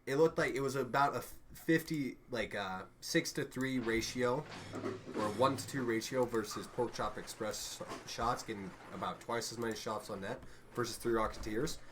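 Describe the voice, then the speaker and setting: Male game caster, mid pitch, excitable play-by-play, steady game noise under him. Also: moderate pace. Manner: excitable, jokey, trails off mid-sentence. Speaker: esports caster. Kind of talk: live play-by-play commentary.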